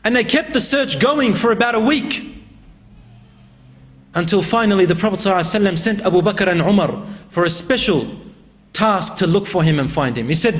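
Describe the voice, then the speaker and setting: A man preaching, retelling a religious story in a dramatic, animated way. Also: sits high, moderate pace. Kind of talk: sermon storytelling.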